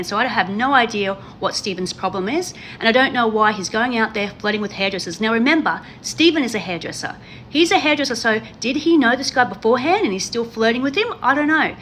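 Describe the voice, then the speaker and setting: Speaking straight to her viewers, this woman hosts reality TV commentary and chats about a show with gushing emphasis, saying things again for effect. Her pitch is fairly high and expressive, her tone fairly bright, her pace a little fast, with a faint hiss or hum behind her.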